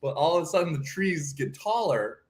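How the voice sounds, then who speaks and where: A man's voice: a little high, lively intonation, a little fast. A man co-hosting a casual morning chat, telling rambling, goofy stories. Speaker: co-host.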